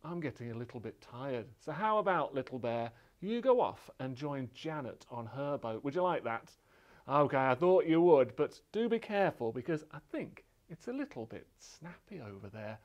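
Lively, sing-song male librarian. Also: medium pitch, normal speed, highs cut off. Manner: sing-song, animated, playful voice for little kids. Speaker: children's librarian. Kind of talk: children's singalong storytime.

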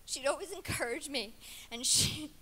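A woman preaching at a women's conference, animated and jokey, swinging from loud to hushed. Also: high-pitched, normal speed. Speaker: conference speaker. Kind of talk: sermon.

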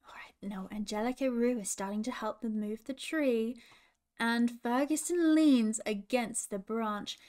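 High-voiced Australian woman reading a story. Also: measured pace. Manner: warm, gentle, chatty with children. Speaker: children's coach. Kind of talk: storytelling with coaching asides.

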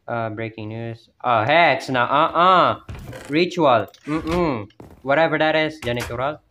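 Unhurried yet pushed and bright, a man's medium-pitched voice carries his commentary on a horror map he's playing at home, family nearby. He chats to himself and yelps and exclaims whenever something scares him. A slight hiss or hum is audible.

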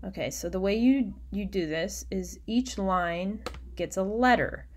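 A woman teacher giving a recorded online lecture, explaining patiently and often dropping into quiet muttering as she works. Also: mid-range voice, measured pace, slight background noise.

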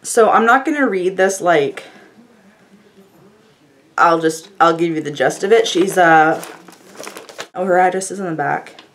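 A woman's voice: on the low side, a little slow, long pauses, fairly bright tone. A woman vlogger chatting casually to the camera, gushing and effusive as she rambles on. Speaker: beauty vlogger opening fan mail.

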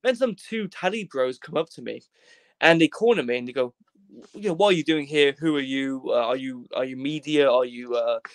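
A man's voice: mid-range voice, normal speed, no room sound. A young man from Wales, a podcast guest telling a rambling, jokey story in casual chat, swearing freely and acting out the voices of the people in it. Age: young adult.

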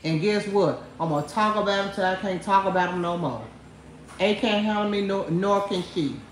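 A woman's voice: medium pitch, normal speed, slight background noise. A woman hosting a livestream, mocking someone and laughing as she talks straight to her viewers. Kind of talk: trash-talking livestream rant. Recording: echoey room.

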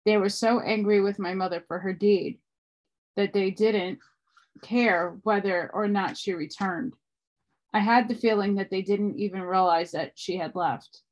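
A woman reading a book aloud at a steady pace, with small restarts along the way. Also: medium pitch, unhurried. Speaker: audiobook reader.

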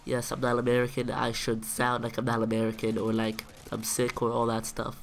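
Nasal Israeli-accented man, slow. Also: mid-range voice, monotone, slight background noise. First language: Hebrew. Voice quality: nasal, congested-sounding. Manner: slow and deliberate, pausing to find English words. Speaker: gaming video commentator. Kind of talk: casual talk to camera.

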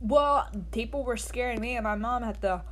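Chatty higher-voiced woman reacting. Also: normal speed, a bit bright. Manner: rambling and hesitant, with gasped exclamations. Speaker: reaction video host. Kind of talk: casual reaction commentary.

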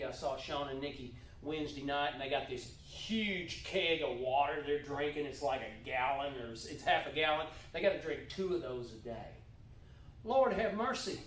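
A man preaching a sermon as pastor, folksy and animated, with jokey asides and repeated words. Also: on the high side. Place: church sanctuary. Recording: echoey church hall, mic at distance.

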